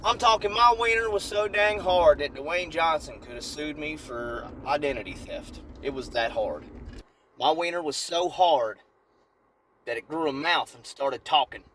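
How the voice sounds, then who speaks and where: A man telling a brash, animated comedic story in a casual way, recorded in a parked car. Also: on the high side, measured pace, a little hiss or hum, poor audio. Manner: animated, brash, shifting into voices.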